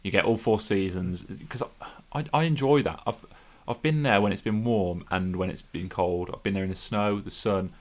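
Male podcast host, deep voice. Friendly, upbeat, reads listener questions. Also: normal speed, few pauses. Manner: friendly, upbeat, says "mate". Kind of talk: casual podcast chat.

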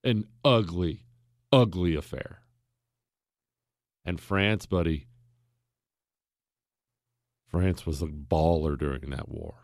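An American man hosting a casual history talk, folksy and emphatic, with his pitch and pace swinging widely as he makes a point. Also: takes it slowly, long pauses, a little mellow, no echo, studio quality. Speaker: podcast host.

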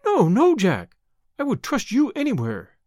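A man's voice: very high-pitched, huge pitch swings, a little slow, darkish tone, no room sound, studio quality, voice pushed up, heavily acted. A man reading a story aloud, voicing a frightened young woman who pleads with her lover. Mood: anxious. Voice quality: breathless, imploring.

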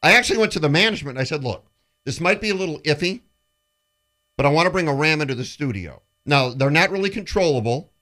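A man's voice: a little high, expressive, fast talker, sharp tone. A man co-hosting a sports radio show, telling a story in casual banter and acting out the people he quotes.

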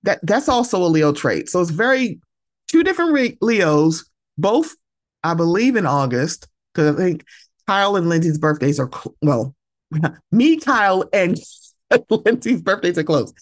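Woman, podcast host, solo casual chat. Lively, expressive delivery that swears freely; close, dry recording. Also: fairly low pitch, unhurried, no room sound. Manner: animated and emphatic, swears freely, acts out quoted voices.

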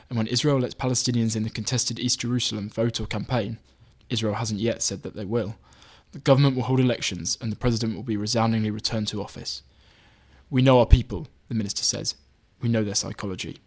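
A man reading his own magazine article aloud in measured, even scripted narration. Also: fairly low pitch, husky.

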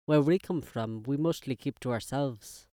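A man's voice: mid-range voice, mellow, dry recording, studio quality, close to an everyday voice. A man playing an ancient, heavily accented old uncle. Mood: unctuous. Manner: heavily accented, halting formal English. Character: ancient grotesque old uncle, lonely, oozing false charm. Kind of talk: audio drama reading.

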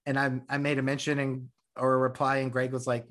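Male podcast host, rambles excitedly and swears freely, mid-range voice. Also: medium pitch, brisk. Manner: rambling, profane, excitable storytelling. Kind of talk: casual chat.

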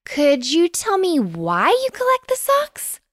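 A woman voicing a polite, curious little girl in a bedtime story, with a high, eager voice. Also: huge pitch swings, slow, no echo, heavily acted.

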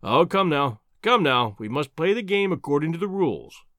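A man's voice: fairly high pitch, big pitch swings, moderate pace, a bit bright, no echo, studio quality. A man voicing a hearty, easygoing upper-class adventurer lord in an audiobook reading.

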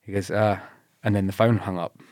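Speaking a little fast in a low voice, a man tells stories about his past during a relaxed interview as the guest. He laughs a lot, swears freely and voices the people he quotes in retold dialogue, recorded dry and close to the mic with no echo.

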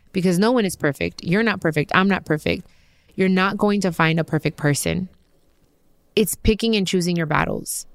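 A woman's voice: on the low side, smooth, no room sound, studio quality. Candid, rambling woman podcaster. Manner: candid, rambling, emotional, many fillers and restarts. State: tearful. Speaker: podcast host. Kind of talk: personal podcast monologue.

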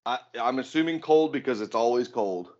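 A man's voice: mid-range voice, lively intonation, a little fast, darkish tone. A man hosting a podcast, talking casually with lots of fillers and swearing. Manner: casual, profane, rambling with fillers. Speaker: podcast host. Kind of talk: casual chat. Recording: dull lo-fi sound.

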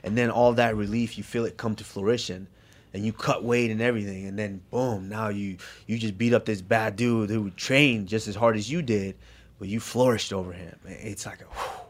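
A male fighter talking casually on a podcast, halting and repeating words, sometimes dropping almost to a whisper. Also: lowish voice, steady tone. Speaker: fighter guest.

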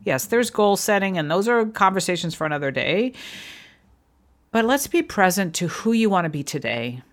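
A woman's voice: mid-range voice, big pitch swings, moderate pace. A middle-aged woman hosting a solo podcast, speaking earnestly and encouragingly to her listeners. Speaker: podcast host. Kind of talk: reflective solo podcast talk.

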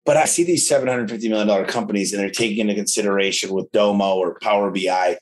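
A man's voice: on the low side, fairly even intonation. A man who owns a garage door company, talking casually and eagerly in an interview, telling stories with lots of asides. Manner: enthusiastic storyteller, quick asides.

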